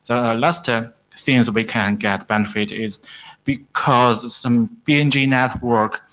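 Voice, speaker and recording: A man, not an English speaker, giving a technical presentation at a standards meeting, with many pauses and restarts. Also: mid-range voice, fairly even intonation, a bit bright, rough recording. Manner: halting, frequent "uh", broken grammar. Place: conference room.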